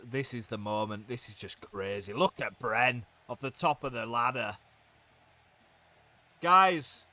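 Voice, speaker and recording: A young man giving excitable play-by-play commentary on a wrestling video game, swinging from hushed groans to loud shouts. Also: on the high side, dry recording.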